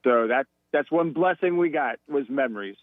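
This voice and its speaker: A man co-hosting a radio show who gets his partner telling stories with short questions and quick agreement. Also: mid-range voice, dry recording, phone-quality sound. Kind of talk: casual radio chat.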